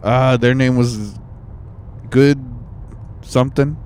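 A man with a New Zealand accent hosting a podcast, bantering casually and haltingly with many fillers. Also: mid-range voice, fairly even intonation, a little mellow, slight background noise. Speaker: podcast host.

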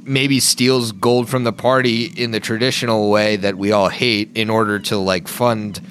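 A man with a fairly low voice talks shop about tabletop games as the game master, relaxed and peppered with swearing. A faint noise sits under the recording. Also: normal speed. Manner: loose, swears freely. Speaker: podcast co-host and game master. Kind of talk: casual chat.

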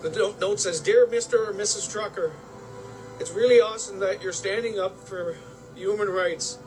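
A man's voice: high-pitched, moderate pace, soft background music, poor audio. A man in a casual video message, emotional and choked up as he reads aloud a child's note.

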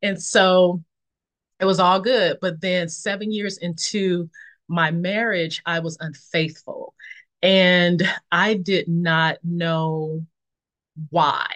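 A woman in her forties sharing a personal faith testimony in conversation, reflective and unhurried, pausing often with fillers. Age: 40s. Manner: reflective, acts out quoted friends with lively high voices. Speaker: podcast guest.

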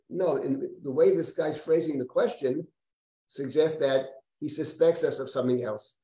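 A man's voice: fairly high pitch, normal speed, darkish tone. Male rabbi, live class lecture, talks in loops and restarts, echoey room. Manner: digressive, repeats and restarts, reads Hebrew verses aloud. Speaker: rabbi teaching a Bible class. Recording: roomy live class recording.

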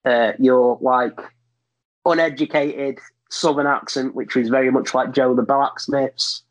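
An Englishman chatting casually on a podcast in a blunt, unfiltered way. He swears freely and drifts into rambling asides, his voice pitched in an ordinary middle range. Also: fairly even intonation, measured pace, low-quality recording. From England. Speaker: podcast guest. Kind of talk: casual chat.

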